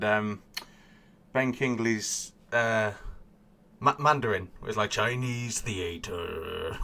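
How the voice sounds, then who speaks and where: A man's voice: medium pitch, bright, forceful tone. A man hosting a podcast, asking casual questions and teasing his guest playfully. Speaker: podcast host.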